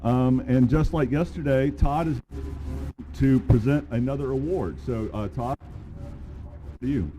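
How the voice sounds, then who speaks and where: A man's voice: mid-range voice, measured pace, long pauses, warm tone, dull audio, soft background music. A man with an Alabama accent giving casual, self-deprecating opening remarks at a conference, with many fillers. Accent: Southern US, Alabama. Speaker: conference organizer. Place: conference room. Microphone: handheld or podium mic, cutting out.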